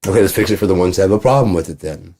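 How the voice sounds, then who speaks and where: A man's voice: sits low, very fast, warm tone. A man rambling in a casual monologue, profane, acting out both sides of imagined conversations. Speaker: channel host.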